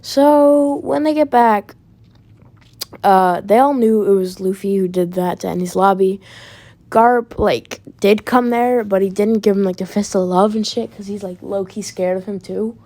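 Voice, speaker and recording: A woman's voice: mid-range voice, a little slow, dark tone. A woman telling an improvised story in a rambling, casual way, full of fillers and restarts and free with swearing. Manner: swears freely. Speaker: fan storyteller.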